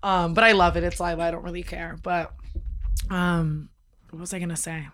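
A young adult woman co-hosts a laid-back podcast, swearing freely and breaking into giggles between stories. She talks loosely and acts out what her friends said in quick little bits. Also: fairly low pitch, flat delivery, fairly bright tone. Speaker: podcast co-host. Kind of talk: casual chat.

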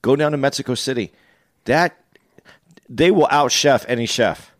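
A man's voice: mid-range voice, normal speed, dry recording, clean studio sound. A man co-hosting a podcast in casual chat, earnest and stumbling as he starts sentences. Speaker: podcast co-host.

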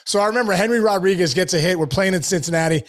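A middle-aged man, a former baseball player, telling stories on a podcast in an animated, casual way, laughing often and calling people "dude.". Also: high voice, very fast. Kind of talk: casual storytelling.

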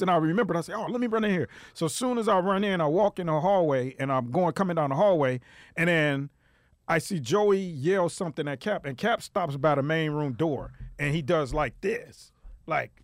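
A man's voice: a little fast, no echo, studio quality. A man telling a story in casual podcast chat, acting out quotes with a rising voice, laughing and swearing freely. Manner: animated storytelling, acts out quotes in a high voice. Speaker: guest storyteller.

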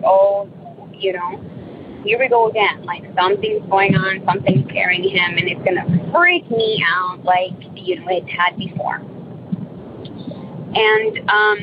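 A woman's voice: medium pitch, highs cut off, noisy background. A woman telling a personal ghost story in a casual, rambling way, full of fillers and restarts.

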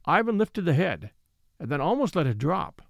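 A man's voice: fairly high pitch, sing-song, moderate pace, gravelly, dry recording, studio quality. A man reading a classic mystery aloud as an audiobook narrator, shifting his voice for each character.

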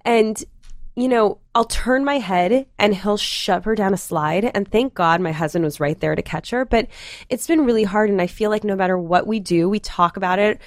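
Supportive woman co-host, thoughtful with a gentle hedge; dry, close-miked booth sound. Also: medium pitch, normal speed, dry recording. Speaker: podcast co-host. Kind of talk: casual chat.

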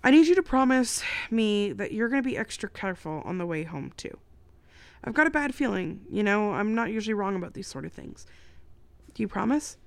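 A woman voicing a warm, gently teasing middle-aged mother in a read-aloud novel. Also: mid-range voice, expressive, brisk, vocal fry, no room sound. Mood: worried.

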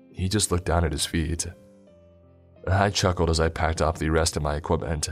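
A man narrating a first-person story in a measured storytelling delivery. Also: a bass voice, fairly even intonation, faint music behind.

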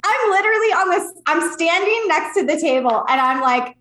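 A woman's voice: very high voice, lively intonation, moderate pace, a bit bright. A woman co-host telling a story in casual chat, blunt and swearing freely. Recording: roomy echo.

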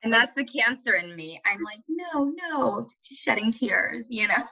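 Young woman guest, casual and dramatic, bright and forceful, muffled lo-fi recording. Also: medium pitch, moderate pace, creaky, husky. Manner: candid, dramatic and self-mocking. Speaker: podcast guest. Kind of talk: casual chat.

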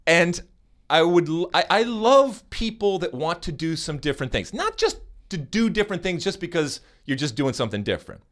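An American man hosting a podcast in casual chat, animated and teasing, often restarting his sentences. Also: mid-range voice. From United States. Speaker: podcast host.

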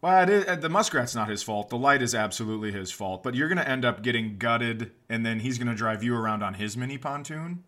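Bright-voiced man riffing on a comedy podcast. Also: medium pitch, expressive, fast talker, hardly any pauses. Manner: riffing, playful, jumps into mock voices. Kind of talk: casual comedic chat.

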